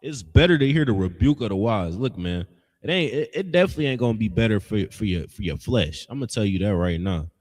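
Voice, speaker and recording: Male preacher-teacher, animated swooping delivery, blunt and scolding, reverberant hall sound. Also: on the low side, fast. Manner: blunt, scolding, emphatic with slangy asides. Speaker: religious teacher. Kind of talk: street-style preaching lesson.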